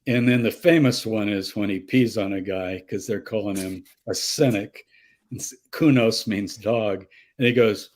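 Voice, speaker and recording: A man's voice: fairly low pitch, moderate pace, a little mellow. An older man, a guest scholar in a live conversational Q&A, telling stories animatedly, acting out quoted voices and laughing often. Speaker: guest scholar answering audience questions.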